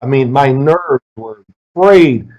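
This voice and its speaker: A middle-aged man, a former football player, answering interview questions with lively anecdotes. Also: mid-range voice, slow pace. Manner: lively storyteller who acts out quoted people. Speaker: interview guest, former pro quarterback. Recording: dull lo-fi sound.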